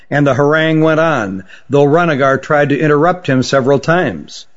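A man reading a fantasy story aloud as narrator in a measured, even way. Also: fairly high pitch. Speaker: audiobook narrator. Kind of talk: scripted narration. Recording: dull lo-fi audiobook recording.

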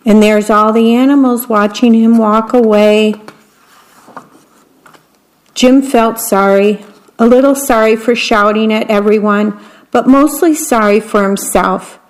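A woman reading a picture book aloud, describing each picture in a gentle, deliberate way. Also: a little high, steady tone, rough recording. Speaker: storybook reader.

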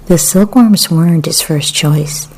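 A woman reading poetry and memoir aloud in a soft, often half-whispered, measured way. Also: low voice, slightly rough. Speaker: literary reader.

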